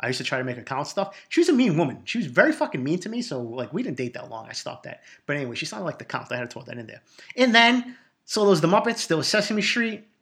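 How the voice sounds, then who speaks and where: Fast-talking profane man. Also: a little high, very animated, a bit bright. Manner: profane, rambling, hyped-up. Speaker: podcast host. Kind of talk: solo casual monologue.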